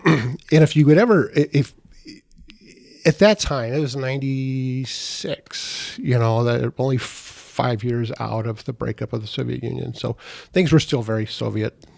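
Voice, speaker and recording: A middle-aged man speaks as a podcast guest, with a gravelly voice at an ordinary pitch. He tells his story in a halting, casual way and often repeats his words. The recording is close and dry, with no room sound. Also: a little mellow, no echo.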